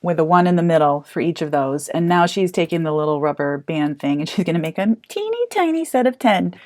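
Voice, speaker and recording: A woman's voice: low voice, fairly even intonation, fast talker, a little mellow. A woman teacher explaining a hands-on math activity to parents, chatty and encouraging as she thinks aloud.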